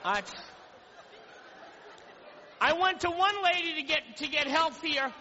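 Brief: male stand-up comic, very high voice, rambling self-mocking stories, dull live recording in a big reverberant room. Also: expressive, takes it slowly, sharp tone. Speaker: stand-up comedian. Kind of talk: stand-up comedy routine. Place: comedy stage before a live audience. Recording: lo-fi live club recording with hall echo and crowd.

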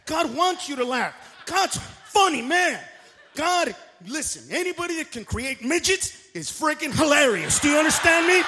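A male stand-up comedian who talks loud and brash and shouts his punchlines. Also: extremely high pitch, big-room sound, a little hiss or hum.

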